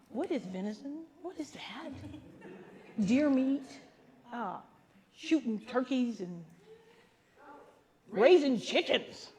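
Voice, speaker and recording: An older woman with a high voice tells a funny story to a gathering. She is animated and laughs often, and she jumps into the voices of the people in her tale as a pastor would from the front of a room. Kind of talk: comic storytelling to a women's gathering. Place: live gathering.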